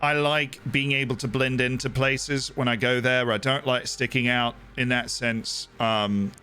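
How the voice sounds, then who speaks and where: A man's voice: medium pitch, steady tone, a little slow, bright, forceful tone, smooth, soft background music. A man with an American accent, chatting casually on a livestream and answering viewers with jokes. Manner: chatty and joking, answering chat. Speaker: streamer.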